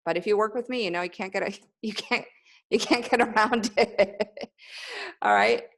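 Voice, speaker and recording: Over a video call, a middle-aged woman coaches yoga teachers on business in an upbeat, encouraging webinar, laughing often. She talks at normal speed with a medium-pitched, slightly bright voice that shows vocal fry.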